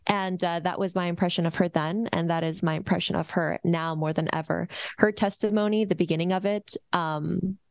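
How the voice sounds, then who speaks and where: A woman's voice: on the low side, steady tone, brisk, no room sound. A woman reporter talking in an earnest, conversational way. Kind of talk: casual conversation.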